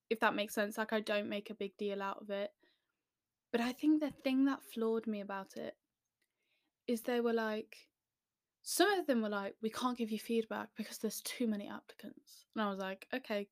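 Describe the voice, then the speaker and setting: A young woman from the English Midlands telling a story to camera in a chatty, self-deprecating way, with quick asides. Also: fairly high pitch, fairly bright tone, no echo, studio quality. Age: young adult.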